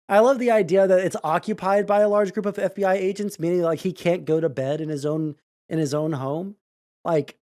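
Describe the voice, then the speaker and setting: A streamer reacting to news clips live, sarcastic and prone to loud, swearing outbursts. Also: medium pitch, fairly quick.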